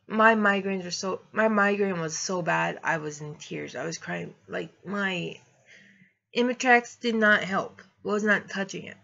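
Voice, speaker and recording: Slow-talking, bright-voiced woman vlogger. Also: medium pitch, gravelly, highs cut off. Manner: rambling, laughs through her own story. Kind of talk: casual personal storytelling to camera.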